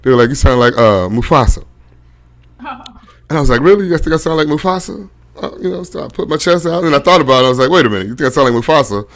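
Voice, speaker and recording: A middle-aged man with a deep voice, telling stand-up stories about his family. He speaks at an easy, laid-back pace and often laughs at his own punchlines. He is heard over a video call. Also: animated, fast, fairly bright tone. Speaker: stand-up comedian.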